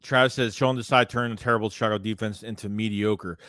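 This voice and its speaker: A man's voice: on the low side, fast, few pauses, fairly bright tone, no echo, clean studio sound. A man hosting a casual sports livestream, ranting bluntly with profanity and repeating himself while reading chat messages. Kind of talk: casual fan rant reading live chat.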